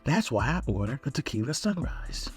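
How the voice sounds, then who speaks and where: A man's voice: medium pitch, big pitch swings, moderate pace, breathy edge, faint music behind. A young adult man telling a comic story time, acting out the other people's lines in raised voices.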